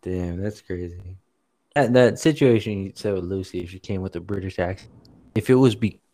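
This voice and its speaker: Casual co-host, male, lowish voice, loose slangy talk. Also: moderate pace, dark tone. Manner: loose, slangy, filler-heavy, laughs easily. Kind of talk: casual chat.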